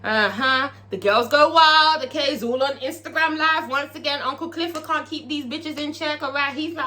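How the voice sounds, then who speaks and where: A woman recaps a TV episode in a casual, profane, animated vlog, laughing often. Her voice sits fairly high and rings bright and forceful. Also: normal speed. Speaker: TV episode reviewer.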